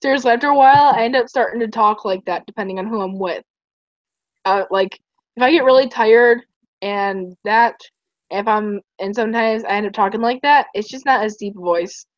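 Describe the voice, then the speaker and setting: A young woman rambles and giggles through a casual stream chat in a somewhat high voice. The sound is dry and a little dull. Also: normal speed, dry recording. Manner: rambling, giggly, tells stories with acted quotes. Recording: dull, muffled stream audio.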